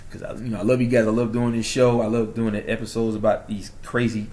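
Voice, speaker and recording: A young man with a New York accent, hosting his own channel and talking straight to his viewers in an excited, preachy monologue that swings from loud to hushed. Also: on the low side, quick pace. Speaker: channel host.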